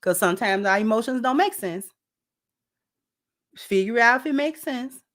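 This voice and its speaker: A woman giving casual relationship advice to camera, talking conversationally, repeating phrases and dropping low and soft for asides. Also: animated, normal speed. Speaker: relationship vlogger.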